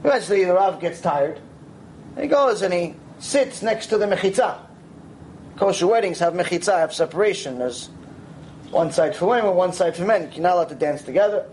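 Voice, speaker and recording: A man teaching a Torah lecture, telling stories in an animated way and sprinkling in Hebrew terms and "you know". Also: high voice, normal speed, slight background noise, poor audio. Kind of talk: lecture with storytelling.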